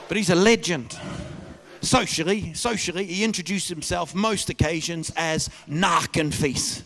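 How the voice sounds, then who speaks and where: A man doing a stand-up comedy routine on stage, telling stories and bursting into loud shouted impressions of the people in them. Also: sits high, measured pace, creaky, a little hiss or hum. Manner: animated storyteller, mimics people with loud shouted voices. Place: comedy stage before a live audience.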